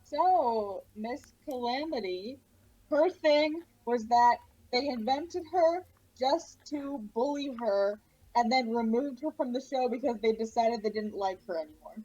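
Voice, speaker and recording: A woman's voice: fairly high pitch, expressive, measured pace, mellow. Brief: young woman, blunt and wry co-host, muffled lo-fi recording. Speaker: podcast co-host. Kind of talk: casual chat.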